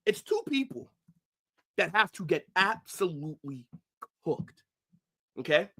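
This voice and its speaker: A man ranting angrily on a football livestream, profane, swinging from shouts to low mutters. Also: very animated, a little slow, vocal fry, husky. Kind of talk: livestream rant.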